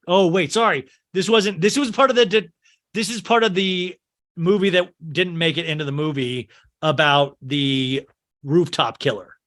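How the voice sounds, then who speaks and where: A man with a slightly higher-pitched voice hosts a casual podcast. He retells a film scene by scene in an animated way, full of "like" and "you know.". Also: normal speed. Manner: animated storytelling with fillers. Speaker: podcast host. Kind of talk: casual movie recap.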